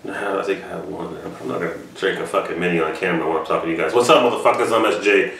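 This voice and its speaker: A man hosting a reaction video tells a rambling, swear-heavy story to camera. His voice is low-pitched and a bit bright, with vocal fry, and he talks at a racing speed. It's recorded from far off in an echoey room.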